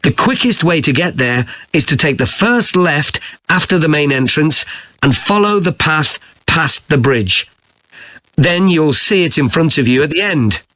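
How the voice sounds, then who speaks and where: Guy on an exam audio giving directions, dry close sound, slightly higher voice. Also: animated, a bit bright, no room sound. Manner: clear, deliberate giving of directions. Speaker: exam recording speaker. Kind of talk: scripted listening test audio.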